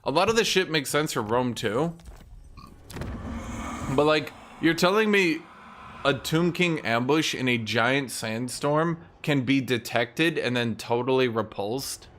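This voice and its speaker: A man giving casual, ranting gameplay commentary, animated and profane, as a content creator. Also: mid-range voice, measured pace, slight background noise.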